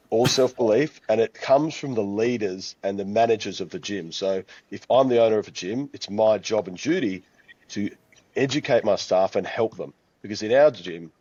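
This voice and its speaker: A man's voice: fairly low pitch, darkish tone, husky, dry recording, lo-fi sound. A man who owns a gym, talking in a casual podcast chat and telling stories in a confident, matter-of-fact way. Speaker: gym owner, co-host. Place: his gym.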